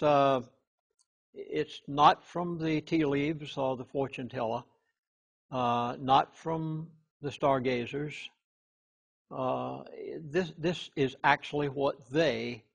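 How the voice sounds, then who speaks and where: A man speaking as a chaplain in an interview, talking earnestly and stressing key words hard, with halting restarts. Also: mid-range voice, creaky, husky.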